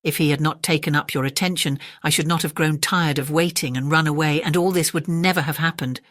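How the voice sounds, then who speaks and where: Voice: mid-range voice, steady tone, a little fast, fairly bright tone, no echo, clean studio sound, natural voice. A reader voicing a proud, demanding male crab who bargains with a magician in a bedtime storybook. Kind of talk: storybook reading.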